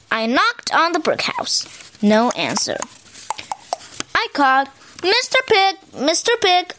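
A woman reading a picture book aloud in an animated, expressive way, as a storyteller. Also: a little high.

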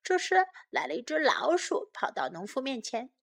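Bright, lively woman reading a children's story. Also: sits high. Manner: slow, clear, repeating phrases for learners. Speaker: storyteller and English teacher for children.

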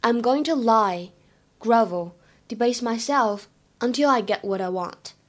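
A young woman, an English teacher, explaining phrases patiently and drilling them slowly in a spoken lesson. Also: a little high.

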